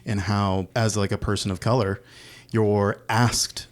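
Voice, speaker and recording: A man's voice: fairly low pitch, little pitch movement, unhurried, darkish tone. A man co-hosting a podcast, chatting casually about films and acting out their lines in raised voices. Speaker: podcast co-host. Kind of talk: casual film discussion.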